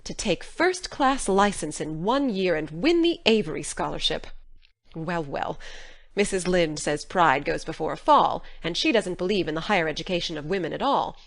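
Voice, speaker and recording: A woman's voice: fairly low pitch, animated, moderate pace, gravelly. An actress playing a practical older woman who talks in plain, matter-of-fact country speech. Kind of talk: full-cast audiobook drama.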